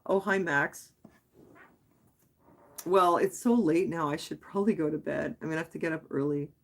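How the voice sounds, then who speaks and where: Speaking at normal speed, this woman has a low-sitting voice with vocal fry. She's a Quebec native whose first language is English, running a casual late-night livestream where she rambles candidly through viewer comments, restarting often and saying "like" a lot while thinking aloud.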